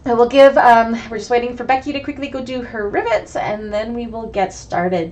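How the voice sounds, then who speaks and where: Hoarse, sniffly woman teaching a sewing class. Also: medium pitch, a little mellow, a little hiss or hum. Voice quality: raspy. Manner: chatty, greets viewers by name. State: sick with a cold, hoarse and sniffly. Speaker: bag-making sewing instructor. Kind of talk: chatty live online class.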